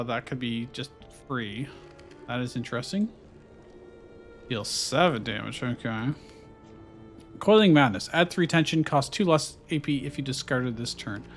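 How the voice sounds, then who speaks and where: A man giving casual let's-play commentary, thinking aloud and musing over his choices with fillers. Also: medium pitch. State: hiccuping. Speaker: gameplay streamer.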